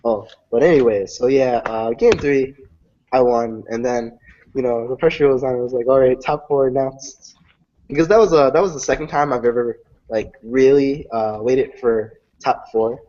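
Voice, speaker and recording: A young man tells card game stories in casual chat. He talks in an animated way, swears freely and acts out the lines other people said. The recording sounds dull and lo-fi. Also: mid-range voice, moderate pace. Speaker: card game player recounting matches.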